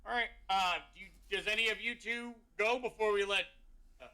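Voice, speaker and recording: A man's voice: sits high, fairly even intonation, fairly quick, sharp tone, smooth, poor audio. A man narrating a tabletop game as game master, rambling with many fillers. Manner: rambling, filler-heavy, laughing often.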